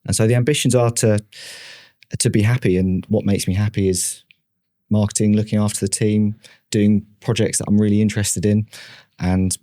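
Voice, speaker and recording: A man's voice: on the low side, little pitch movement, moderate pace, mellow, no room sound, studio quality. A man, a podcast guest speaking candidly and with self-deprecating humour as he tells his story, often restarting his sentences. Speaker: podcast guest, marketing leader.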